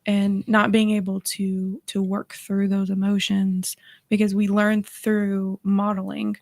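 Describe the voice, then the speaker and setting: Woman counselor, radio talk guest, even delivery, dry studio sound. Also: mid-range voice, gravelly, no echo. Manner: measured, explanatory, uses fillers. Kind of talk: radio talk show conversation.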